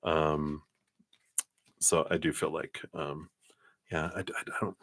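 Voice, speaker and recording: A man's voice: a bass voice, little pitch movement, slow, a bit bright, no room sound. A man giving a live-streamed tarot reading, chatty and laughing often, with lots of ums and you-knows. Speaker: tarot card reader.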